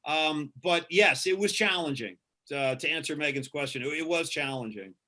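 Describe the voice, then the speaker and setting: A man's voice: fairly high pitch, normal speed, bright, forceful tone. A man who works as a radio host, answering interview questions in an earnest, casual way and often repeating himself for emphasis.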